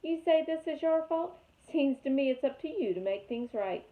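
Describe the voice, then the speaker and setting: A woman's voice: fairly high pitch, big pitch swings. Woman doing a bossy scolding old goose. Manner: brisk, scolding, squawking. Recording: tinny phone-like sound.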